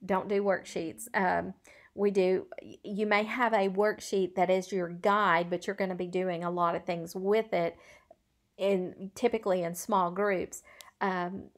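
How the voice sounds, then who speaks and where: A woman's voice: fairly low pitch, steady tone, unhurried. A middle-aged woman and former schoolteacher giving a recorded video lecture in an earnest, conversational way, with frequent ums and uhs. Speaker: college instructor, former schoolteacher.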